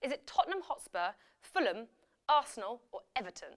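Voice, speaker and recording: A woman's voice: a little high, very animated, fairly quick, fairly bright tone. A woman hosting a live quiz show, chatty and upbeat, reading out questions and results and ad-libbing with fillers and self-corrections. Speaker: quiz host.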